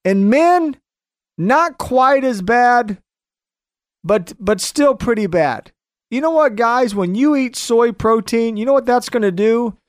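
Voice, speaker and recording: A male radio host drives through a monologue with heavy emphasis, repeating his points. His pace is slow and deliberate. The sound is dry and close, with no room around it. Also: very high voice, lively intonation, no room sound. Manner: emphatic, repetitive ranting.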